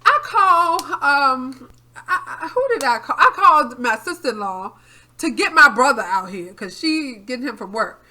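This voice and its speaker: A woman co-hosting a podcast, telling a story in casual chat and acting out quotes loudly, with frequent laughs and swearing. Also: sits high, moderate pace. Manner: animated, acts out quotes loudly. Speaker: podcast co-host.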